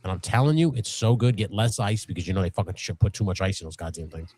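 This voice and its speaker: Slightly rough and quick, this middle-aged man's voice comes through with no echo as he co-hosts a live stream from a home workshop, faint music in the dry room. He curses casually, rambles animatedly, laughs a lot, and mimics high voices for his anecdotes.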